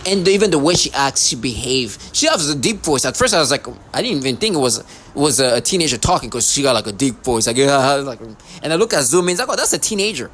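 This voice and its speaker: A man speaks straight to his camera in a long, agitated ramble. He loops back over the same points, breaks off mid-sentence and swears freely. His voice sits at an ordinary middle pitch, with a faint hiss of noise behind it. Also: animated, fast talker, few pauses, fairly bright tone. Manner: agitated, repetitive, profane, many restarts. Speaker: vlogger.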